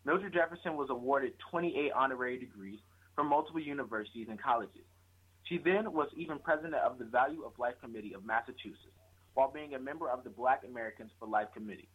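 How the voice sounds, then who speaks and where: A man's voice: medium pitch, fast, husky. A man reading a prepared tribute aloud, stumbling on some words and correcting himself. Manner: reads with slips and corrections. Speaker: guest presenter. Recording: tinny phone line.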